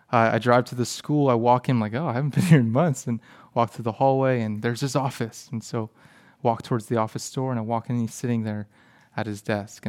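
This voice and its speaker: A man in his thirties giving a sermon, telling a personal story and often dropping to a soft hush. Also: medium pitch. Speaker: pastor.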